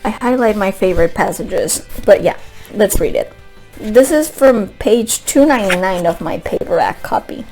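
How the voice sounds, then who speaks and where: A woman's voice: mid-range voice, animated, normal speed, darkish tone, soft background music. Chatty woman gushing about a book, rambly, lots of restarts and giggles. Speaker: book vlogger. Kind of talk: casual book review chat.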